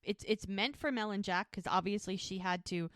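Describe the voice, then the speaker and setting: A woman co-hosting a podcast casually recaps a show's episodes, retelling scenes and voicing the quoted lines as a lively storyteller. Her voice is medium-pitched at a moderate pace, with studio-quality sound and no room sound.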